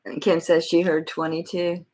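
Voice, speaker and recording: A woman's voice: on the low side, little pitch movement, moderate pace, darkish tone. A middle-aged woman with a Southern accent, chatting folksily with viewers by name while selling jewelry on a live stream. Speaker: jewelry auction seller. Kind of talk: live-stream sales chat.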